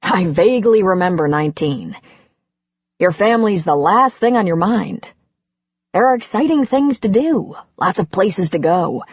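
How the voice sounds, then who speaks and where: A woman reading an audiobook and voicing a gentle, self-deprecating older man who speaks softly. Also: mid-range voice, expressive, normal speed, slightly rough, no echo, dull audio. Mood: wondering, gentle. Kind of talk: audiobook character voice.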